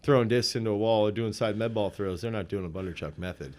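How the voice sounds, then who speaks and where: A man who coaches throwers, talking in a rambling, animated way in a relaxed podcast interview. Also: on the low side, fast talker.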